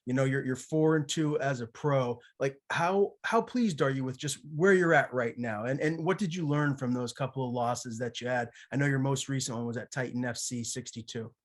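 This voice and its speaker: A man's voice: medium pitch, normal speed, few pauses. A man interviewing a guest on a podcast, in an ordinary mid-range voice. He stumbles and repeats words as he asks, and sounds sympathetic. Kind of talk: interview questions.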